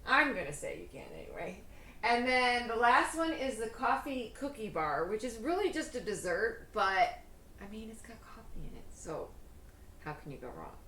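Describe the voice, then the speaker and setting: A woman's voice: on the high side, big pitch swings, normal speed, bright, forceful tone, reverberant, slight background noise, poor audio. A woman hosting her own cooking show, chatting casually in a bubbly, self-deprecating way with lots of fillers. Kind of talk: casual cooking vlog chat.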